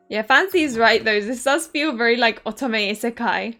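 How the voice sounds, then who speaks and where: A woman's voice: on the high side, moderate pace, few pauses, bright, forceful tone, faint music behind. Giggly, hyper young woman streamer. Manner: giggly and hyper, chatting with viewers. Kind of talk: casual game live stream chat.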